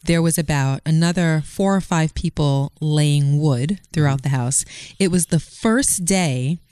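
A woman's voice: low-pitched, unhurried, clear, resonant tone, no room sound. A woman in her thirties co-hosting a podcast, telling stories in casual chat with lots of laughter. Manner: animated storyteller, laughs often. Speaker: podcast co-host.

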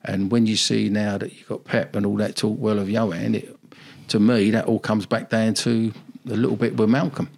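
A man's voice: lowish voice, little pitch movement, moderate pace, creaky, a little mellow. An older man, a football manager telling rambling, nostalgic stories in a casual interview.

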